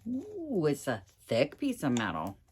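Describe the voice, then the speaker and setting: Low-voiced, lively chatty crafter woman. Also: a little slow. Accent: slight Southern American, slips in and out. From United States. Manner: chatty, thinks aloud while working. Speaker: craft vlogger. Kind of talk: casual crafting chat.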